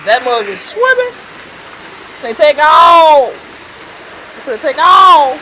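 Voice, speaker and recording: Excitable young woman vlogging in pouring rain. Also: sits high, takes it slowly, low-quality recording. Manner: excitable, laughing, bursts of loud exclamations. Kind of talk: casual handheld vlog. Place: outdoors in a rainstorm, later in a car. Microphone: handheld camera. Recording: heavy rain noise behind.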